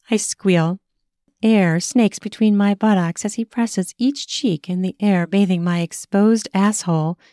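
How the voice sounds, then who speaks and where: A woman narrating a first-person erotic audio story in a slow, sensual reading voice. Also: mid-range voice, warm tone, no room sound, studio quality.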